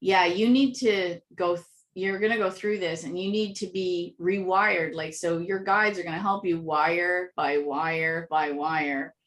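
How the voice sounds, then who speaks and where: A woman telling animated anecdotes as an interview guest, acting out little voices and laughing often. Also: lowish voice, measured pace. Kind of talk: casual storytelling interview.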